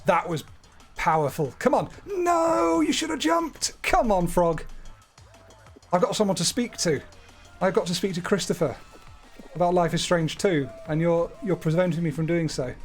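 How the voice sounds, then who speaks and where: A man's voice: high voice, moderate pace, a little mellow, faint music behind. A man streaming live, talking through his gameplay in a chatty, playful way with wordy asides. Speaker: gaming streamer.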